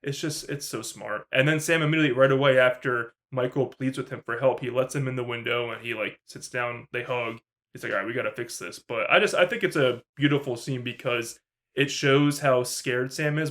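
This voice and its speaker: A man's voice: mid-range voice, fairly quick, a bit bright. A man co-hosting a podcast, chatting casually and eagerly about a film and acting out the characters' lines. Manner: enthusiastic, acts out characters' lines in quotes. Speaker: podcast co-host. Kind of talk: casual film review chat.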